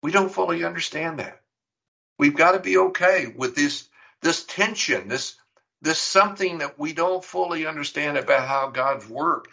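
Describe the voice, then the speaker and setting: A man's voice: on the high side, normal speed, vocal fry, pushed and bright, rough recording. A middle-aged man preaching a sermon, teaching earnestly and emphatically, with rhetorical questions. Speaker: pastor.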